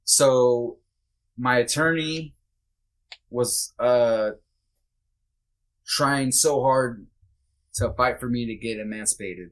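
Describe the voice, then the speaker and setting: A man on a podcast tells a personal story candidly, taking his time and pausing often. His voice sits in the mid-range, and his loose, conversational manner is full of fillers, blunt remarks, and some cursing.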